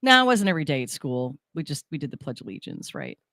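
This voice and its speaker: A woman co-hosting a casual morning radio show, chatty and rambling, with a husky morning voice. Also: deep voice, wildly swooping pitch, quick pace, pushed and bright, dry recording, clean studio sound. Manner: chatty, laughing, rambling asides. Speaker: radio co-host. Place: radio studio.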